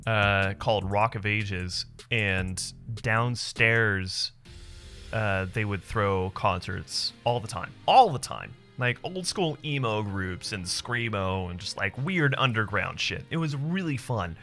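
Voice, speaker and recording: A man's voice: fairly low pitch, animated, slow pace, fairly bright tone, faint music behind. A man in his thirties, live streaming, chatting casually with viewers and telling stories loosely, with plenty of swearing and laughter. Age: 30s. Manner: loose, profane storytelling with frequent laughs.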